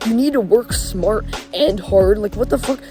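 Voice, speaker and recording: A man's voice: high voice, moderate pace. A young man giving a casual motivational rant, emphatic and profane, with lots of "like" fillers. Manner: profane, emphatic, heavy use of 'like' fillers. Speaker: motivational vlogger. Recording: voice over clear background music.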